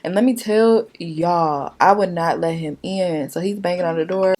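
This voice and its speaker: Profane, animated woman vlogger telling a story. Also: on the low side, moderate pace. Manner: animated, profane, talks straight to viewers. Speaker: beauty vlogger. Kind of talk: casual storytime chat during a makeup tutorial.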